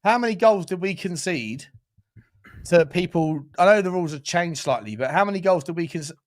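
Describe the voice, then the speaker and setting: A man co-hosting a live match watchalong, reacting loudly with exasperated, sweary outbursts. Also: high voice, animated, fairly quick. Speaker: watchalong co-host.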